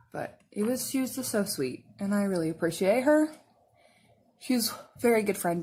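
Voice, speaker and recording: A young woman with a husky, mid-range voice chats casually while doing her makeup. The makeup and cosplay vlogger rambles along, laughing and filling her speech with "like."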